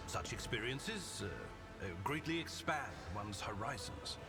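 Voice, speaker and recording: A man's voice: medium pitch, expressive, measured pace, pushed and bright, faint music behind. An actor voicing a proper male companion in a video game, speaking formally with small hesitations. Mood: lofty. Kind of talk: game voice acting.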